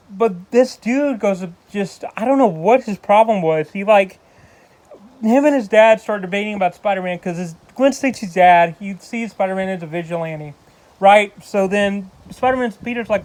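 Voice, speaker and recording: A man's voice: high voice, moderate pace. A man giving a casual spoken film review, rambling with frequent restarts and loose asides. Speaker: movie reviewer.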